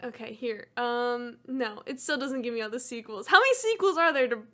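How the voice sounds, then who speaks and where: Bright-voiced young woman on a podcast. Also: fairly high pitch, lively intonation. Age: young adult. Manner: chatty, laughs often, quick asides. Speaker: podcast co-host. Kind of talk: casual chat.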